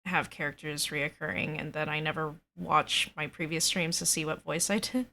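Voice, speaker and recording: Bright-voiced woman running a tabletop game. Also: low-pitched, steady tone, normal speed, creaky, slight background noise. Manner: chatty, rambling with fillers. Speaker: dungeon master. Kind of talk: casual chat.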